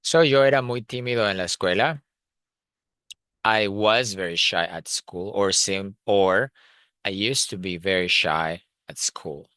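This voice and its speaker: Male language teacher, deep crisp voice, dry close sound, explains with many fillers. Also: unhurried, sharp tone, no echo. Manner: thinks aloud with frequent fillers and restarts, switches between Spanish and English. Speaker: Spanish teacher. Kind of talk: explanatory lesson, reading notes and translating.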